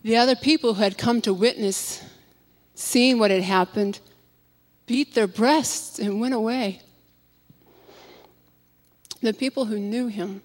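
A woman reads scripture aloud with dramatic feeling and sometimes sinks to a near whisper. Her voice sits a little high. A long reverb trails behind her, as in a church hall. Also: unhurried, long pauses. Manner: dramatic, drops to a near whisper on quiet lines. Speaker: scripture reader. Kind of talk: expressive scripture reading.

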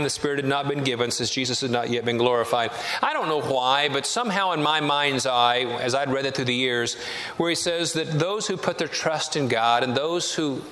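A man's voice: fairly high pitch, pushed and bright. A man preaches a sermon from the pulpit, moving from a personal story into scripture and rising to emphatic passages. His voice carries a long reverb from a large church hall. A faint hiss sits underneath. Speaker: pastor.

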